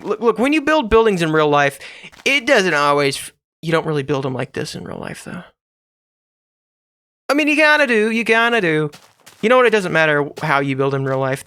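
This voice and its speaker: Bright-voiced man rambling while gaming. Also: on the high side, clean tone, no room sound. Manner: rambling, jokey, talks to himself. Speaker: gaming channel host. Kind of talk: casual building commentary while playing.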